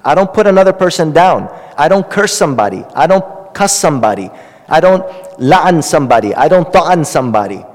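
A man's voice: fairly high pitch, big pitch swings, brisk. A man giving an earnest Islamic lecture as an imam, repeating and restarting phrases and weaving in Arabic terms. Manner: earnest, repetitive, frequent restarts and fillers, Arabic terms woven in. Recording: reverberant hall.

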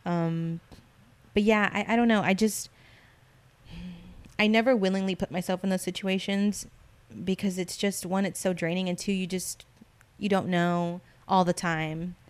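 A woman telling stories in a relaxed, casual chat. Her voice sits a little low, and she talks in a slangy, lively way. She often slips into the voices of the people she quotes. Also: a little slow, clean tone.

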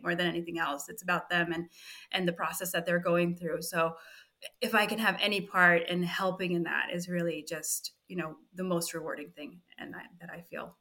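A middle-aged woman, a fertility physician assistant, telling an emotional story on a podcast in lively reported speech. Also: fairly low pitch. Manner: animated, frequent "I was like" reported speech.

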